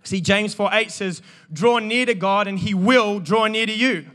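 High, bright-voiced pastor. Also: male voice, unhurried. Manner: animated, joking, calls out to the congregation. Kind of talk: energetic sermon with audience banter.

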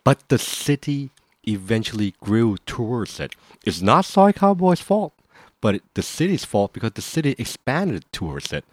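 A man co-hosting a podcast, speaking in a measured, thoughtful way that sometimes stumbles over repeated words. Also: medium pitch, sing-song, darkish tone, no echo, studio quality. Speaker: podcast co-host. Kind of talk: casual podcast chat.

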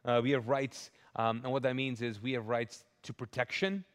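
A man's voice: mid-range voice, little pitch movement, moderate pace. A man preaching a live sermon as pastor, earnest and emphatic, often restarting his sentences. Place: large church auditorium. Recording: long hall reverb.

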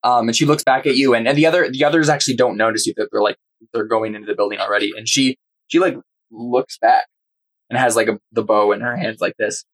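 A man's voice: mid-range voice, steady tone, fast talker, low-quality recording. Stumbling casual male game master. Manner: stumbling, casual narration with restarts. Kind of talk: narrating a tabletop game.

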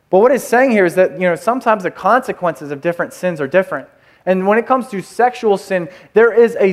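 A pastor telling a personal story in a conversational sermon, with many fillers and restarts. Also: male voice, sits high, brisk.

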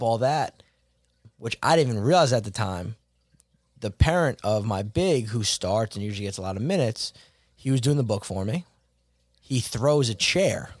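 Man, basketball coach, casual storytelling, animated, slangy, dry recording. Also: fairly low pitch, dry recording. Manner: animated, slangy, with mild swearing. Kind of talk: casual storytelling in a podcast chat.

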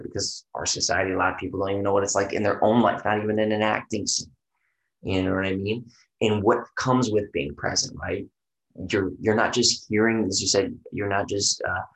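A man with a low, gravelly voice rambles through a casual podcast chat, loose and profane and full of "you know"s. The sound is roomy, with a clear echo off the walls.

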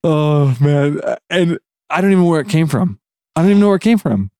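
Self-mocking man, slightly high voice. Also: animated, brisk, mellow, dry recording, clean studio sound. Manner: self-mocking, laughing interjections. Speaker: podcast co-host. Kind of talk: casual chat.

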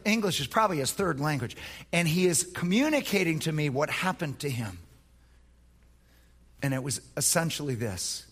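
A man preaching a sermon as a pastor, with many halting restarts, swinging between hushed near-whispers and passionate shouted peaks. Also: medium pitch, husky, in a large hall.

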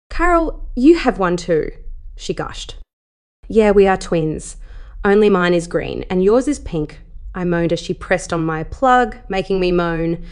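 A woman narrating a first-person adult story in a slow, sultry reading. Her voice sits on the low side of the usual range for women.

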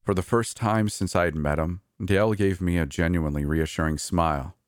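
Very deep-voiced man narrating horror. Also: steady tone, brisk, dry recording, clean studio sound. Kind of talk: first-person horror story narration.

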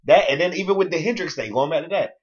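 A man co-hosting a casual music review chat, animated and slangy, often talking over his co-host. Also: on the high side, quick pace, dull audio.

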